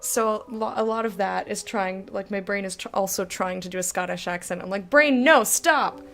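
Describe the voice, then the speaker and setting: A woman's voice: mid-range voice, little pitch movement, a little fast, creaky, soft background music. Playful woman in a put-on Irish accent. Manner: joking, playful, swears often. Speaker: streamer playing a horror game. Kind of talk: casual chat over gameplay.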